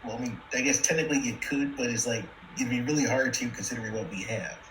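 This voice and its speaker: A man's voice: medium pitch, fast, a bit bright, a little hiss or hum. A man playing a tabletop game, chatting casually with lots of fillers. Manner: chatty, uses filler words like "like" and "you know". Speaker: player. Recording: echoey room.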